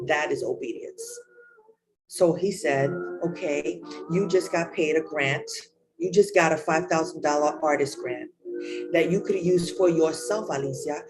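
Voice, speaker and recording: A woman's voice: deep voice, unhurried, poor audio. A woman preaching a raw, emotional sermon, candid and searching for words. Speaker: spiritual leader. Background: music.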